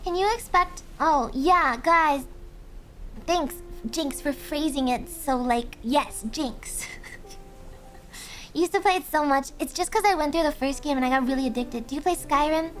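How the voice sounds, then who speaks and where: Young woman streamer, very high soft voice, giggly, chatty, faint music underneath. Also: unhurried. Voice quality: high voice, speaking softly. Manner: giggly, chatty, reads chat aloud. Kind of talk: casual chat with viewers. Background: faint background music.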